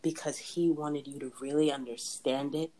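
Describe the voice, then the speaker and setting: Young woman host, low voice, chatty faith talk full of laughs and restarts. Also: fairly even intonation, moderate pace, warm tone, poor audio. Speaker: podcast host. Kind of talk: casual faith chat.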